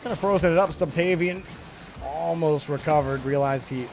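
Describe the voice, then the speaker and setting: A man's voice: fairly high pitch, normal speed, slight background noise. A man casting a live video game match, chatting and giving play-by-play. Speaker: esports caster. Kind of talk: live game commentary and chat.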